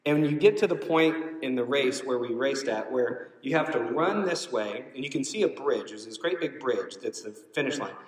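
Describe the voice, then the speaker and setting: Pastor preaching in a roomy church hall. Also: male voice, medium pitch, moderate pace, hardly any pauses. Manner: storytelling, animated and emotional, shouting out quoted cheers. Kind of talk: sermon. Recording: roomy hall, voice from some distance.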